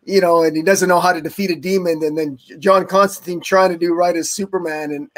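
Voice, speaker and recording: A man in his thirties guesting on a comics podcast, rambling and restarting as ideas tumble out. His voice sits slightly high. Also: fairly even intonation, brisk. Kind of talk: casual chat.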